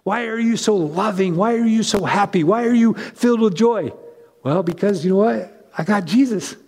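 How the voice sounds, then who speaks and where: A man preaching a conversational sermon as pastor, animated and chatty with frequent asides and restarts. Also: sits high, moderate pace, gravelly, big-room sound.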